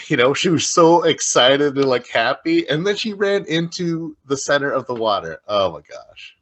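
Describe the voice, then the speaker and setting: A man co-hosting a podcast, talking about a reality show in a relaxed, agreeable way with quick backchannels. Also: mid-range voice. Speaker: podcast co-host. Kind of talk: casual chat recapping a reality show.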